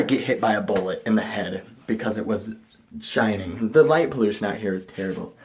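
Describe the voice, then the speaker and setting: Young male vlogger, excitable and rambling, loud bursts then mumbles. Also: lowish voice, normal speed. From Chicago area, USA. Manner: excitable, rambling, jumps between loud enthusiasm and mumbling asides. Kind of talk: rambling casual vlog monologue.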